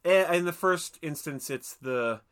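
Animated, profane male podcast host. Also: fairly high pitch, unhurried. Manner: profane, riffing, breaks into sung snippets and mock voices. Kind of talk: casual chat, film review.

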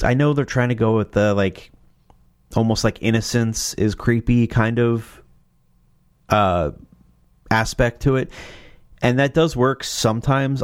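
A man casually chatting about horror movie themes, rambling, correcting himself and swearing offhand. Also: fairly low pitch. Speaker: host. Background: faint music playing.

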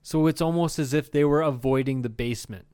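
A man's voice: fairly high pitch, a little fast, mellow, smooth. A man co-hosting a casual comedy podcast, swearing freely, laughing often and dropping into silly voices. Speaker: podcast co-host.

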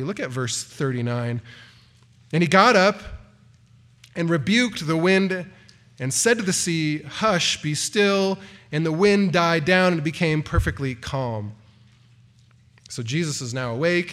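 A male pastor walks through a passage in an earnest sermon. His voice sits a little high for a man, and he lifts into sharper emphasis when he voices the cries he is quoting. Now and then he stumbles and restarts a word. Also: fairly bright tone. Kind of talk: expository sermon.

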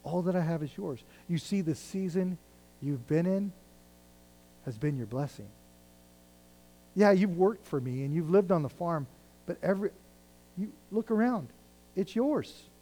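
A man's voice: high voice, expressive, measured pace, long pauses, mellow, poor audio. A male pastor preaching a sermon, reading scripture and retelling it in everyday words, rising and dropping in intensity. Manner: paraphrases scripture conversationally, rising and falling in intensity.

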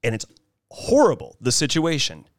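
A man in casual podcast talk about a film, animated and acting out lines from scenes. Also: normal speed, dry recording, studio quality. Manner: animated, acts out film lines in high voices. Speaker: podcast host.

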